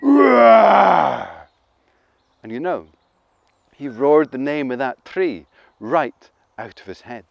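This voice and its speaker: A man telling a folk tale to children, animated and playful, asking his listeners questions. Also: mid-range voice, unhurried, no room sound, dull audio. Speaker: storyteller. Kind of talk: interactive children's storytelling.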